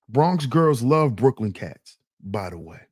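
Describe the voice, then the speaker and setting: A man's voice: medium pitch, darkish tone, husky. A man hosting a commentary channel, talking in a casual, slang-heavy, emphatic way.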